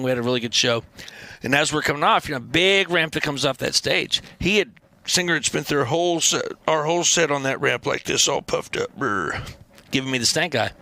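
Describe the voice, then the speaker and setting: A man guesting on a podcast, telling animated, profane band stories in casual chat. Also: a little high, no echo. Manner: animated, profane, acts out quotes in loud voices. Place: podcast studio.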